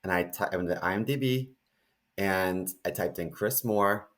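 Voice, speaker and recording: A man's voice: low-pitched, moderate pace. A man co-hosting a podcast in casual chat, telling jokey stories. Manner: animated, jokey storyteller. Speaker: podcast co-host.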